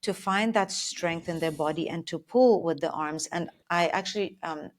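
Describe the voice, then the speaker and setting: A woman's voice: on the low side, normal speed. A woman working as a Pilates instructor, explaining her coaching approach in a thoughtful, step-by-step conversational way.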